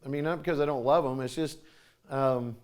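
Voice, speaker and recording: A man's voice: fairly even intonation, brisk, darkish tone, clear, resonant tone. A man in his forties giving a folksy conference talk, acting out quoted voices. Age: 40s. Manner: folksy, acts out quoted voices with jumps in pitch. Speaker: conference speaker.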